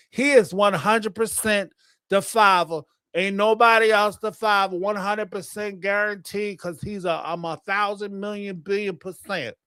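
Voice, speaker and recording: A man hosts a casual livestream, swinging through a lively, expressive pitch range while he tells stories and laughs. His voice sits a little high for a man. The sound is close and dry, with no room echo. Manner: animated storytelling, laughs often, acts out phone calls. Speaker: livestream host. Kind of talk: casual commentary chat.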